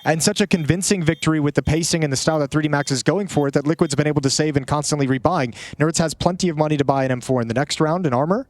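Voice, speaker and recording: A man giving lively play-by-play esports commentary with joking asides. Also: a little high, very fast, hardly any pauses, dry recording. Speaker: esports caster. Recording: noisy broadcast feed.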